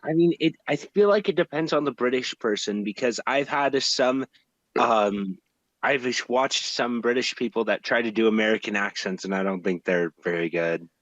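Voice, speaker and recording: A man's voice: mid-range voice, normal speed, no room sound, dull audio. A young man talking on a casual podcast, laid-back and a little hesitant. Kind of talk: casual chat.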